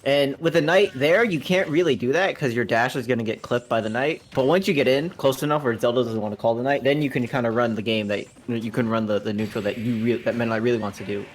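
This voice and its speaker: A man giving casual color commentary on a fighting-game match, explaining plays in a relaxed way and laughing easily. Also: medium pitch, quick pace, hardly any pauses, slight background noise. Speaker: esports co-commentator.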